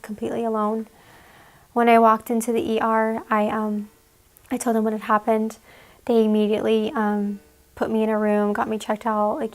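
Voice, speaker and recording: A young woman giving an emotional personal account in an interview, halting and full of "like"s. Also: medium pitch. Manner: halting, fillers, many "like"s.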